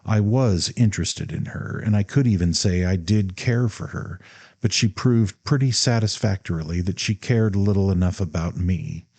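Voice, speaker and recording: A man's voice: low-pitched, normal speed, a little mellow. A man voicing a proud, hot-tempered young man who speaks sharply, coldly and emphatically. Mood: bitter cold.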